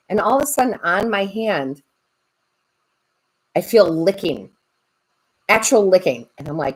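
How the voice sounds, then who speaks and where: A woman tarot reader and medium chatting on a live stream, animated and laughing often as she tells stories to her viewers. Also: medium pitch, measured pace, long pauses, breathy edge, rough recording. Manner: chatty, animated, laughs a lot while talking.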